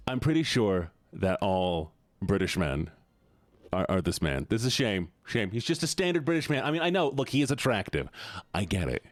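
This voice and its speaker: A man's voice: fairly low pitch, big pitch swings, moderate pace, dry recording. A young man live-streaming, joking with his chat in a casual, profane way.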